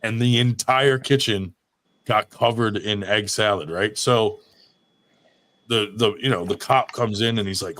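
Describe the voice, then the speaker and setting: A man's voice: fairly low pitch, measured pace. A man telling a long jail story in casual chat, swearing often and acting out the other people's voices. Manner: animated, swears a lot, acts out voices in his anecdotes.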